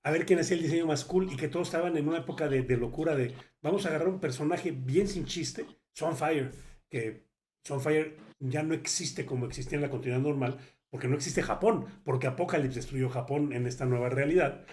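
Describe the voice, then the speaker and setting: A man's voice: a little high, darkish tone. A male host, retelling a guest's story in a rambling, casual way before handing over the question. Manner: rapid, rambling retelling with fillers.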